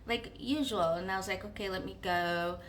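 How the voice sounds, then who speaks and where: A young woman tells a personal story in a casual, animated way, piling on fillers and voicing her own inner thoughts. Her tone is bright and forward, and a faint background hum sits under the recording. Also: mid-range voice, normal speed. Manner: animated, with many fillers and acted-out inner dialogue. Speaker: vlogger.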